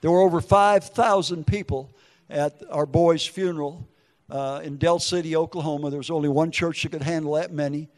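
An older man with a drawl delivers a heartfelt church testimony on a fairly high-pitched voice. He tells his story with feeling, sliding into other people's words as he goes. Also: steady tone, moderate pace, a little mellow, long reverb tail. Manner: emotional storytelling with acted quotes. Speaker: preacher giving testimony. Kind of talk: testimony sermon.

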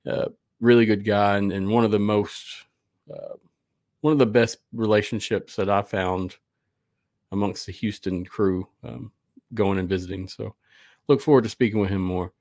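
Low-voiced man hosting a casual podcast. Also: steady tone, moderate pace, darkish tone, dry recording, clean studio sound. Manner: rambling, loose, with fillers and restarts. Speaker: podcast host. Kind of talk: casual live podcast chat.

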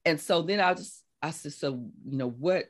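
A woman in her sixties, a life coach being interviewed, telling her story in a lively way and acting out what people said. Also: moderate pace. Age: 60s. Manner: animated storyteller, acts out quotes with big laughing pitch jumps. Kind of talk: conversational interview.

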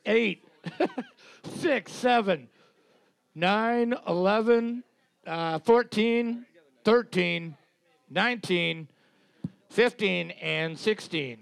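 A man keeping score at a bar trivia night, reading team numbers and trading dark deadpan jokes. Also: high-pitched, very slow, gravelly, pauses often, clean tone. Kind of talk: casual banter and reading scores. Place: bar room with audience.

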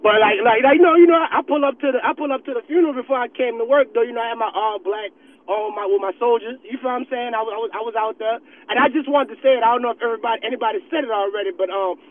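A man's voice: very high-pitched, very fast. A man calling in from his car while driving, brash and profane. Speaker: caller. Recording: tinny phone line with road noise.

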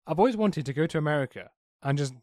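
This man in his twenties speaks with a British accent, but his voice runs through a modulator. He talks fast with a lot of rise and fall, and he sounds a little higher than most men. A long reverb hangs behind his voice. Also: animated, a little mellow. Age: 20s. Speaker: podcast co-host. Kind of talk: casual chat.

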